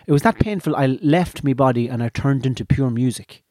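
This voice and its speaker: An Irish man telling a rambling, exaggerated comic story in casual chat, deadpan in manner. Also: medium pitch, fairly quick, no room sound.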